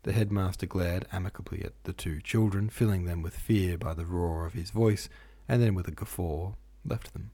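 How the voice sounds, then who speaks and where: A man narrating a classic novel in a steady, measured reading. His voice is husky and mellow, sitting on the low side. He hosts the podcast as well as reading. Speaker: audiobook narrator, podcast host. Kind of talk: literary audiobook reading.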